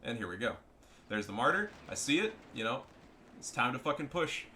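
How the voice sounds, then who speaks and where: A young man giving casual, profane, excitable commentary over his own strategy game match. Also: mid-range voice, brisk, slight background noise. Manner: profane, excitable, trash-talking. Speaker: gameplay commentator.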